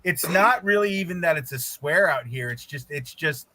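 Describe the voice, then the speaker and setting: A man's voice: a little high, expressive, normal speed, sharp tone. A man chatting as a guest on a stream, talkative and a bit apologetic about his swearing. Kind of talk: casual chat.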